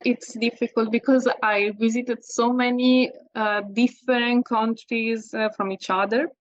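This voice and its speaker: A woman from Italy speaking English with an Italian accent, a guest in an interview, talking in halting phrases with fillers and self-corrections. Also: a little high, level tone, lo-fi sound. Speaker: guest landscape photographer. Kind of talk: casual interview.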